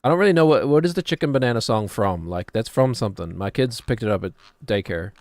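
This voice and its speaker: A man's voice: mid-range voice, animated, quick pace, darkish tone, no room sound. A man, streaming a game and chattering casually, rambling and joking as he plays. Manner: rambling, jokey, drifts into put-on British voices.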